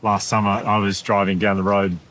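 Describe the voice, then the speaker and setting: A man's voice: lowish voice, level tone, brisk, fairly bright tone. Chatty Australian man with faint hiss. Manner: chatty anecdote-teller who laughs at himself. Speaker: podcast host. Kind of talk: casual chat.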